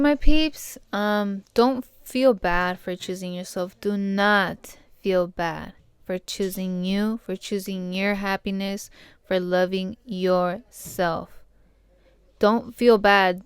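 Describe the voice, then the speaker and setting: A young woman gives heartfelt, casual advice to her listeners, talking loosely with slang, fillers and the odd curse. Her voice is very smooth and crisp. It sits at a middle pitch and is recorded close and dry. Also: no echo. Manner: slangy and fillers-heavy, addresses listeners as "my peeps"; earnest, encouraging, swears casually. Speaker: podcast host.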